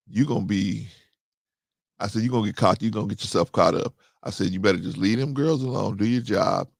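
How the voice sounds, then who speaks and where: A man in his fifties hosts a casual monologue, telling a story, repeating phrases for emphasis, and acting out quoted dialogue. His voice is lowish with vocal fry, and the recording has no room sound.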